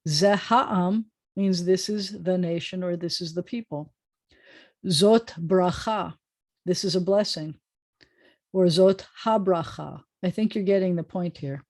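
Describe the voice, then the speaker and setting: A woman's voice: fairly low pitch, measured pace, a little mellow. A woman rabbi teaching a prayer book Hebrew lesson over a video call, explaining patiently with frequent ums. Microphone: video call microphone.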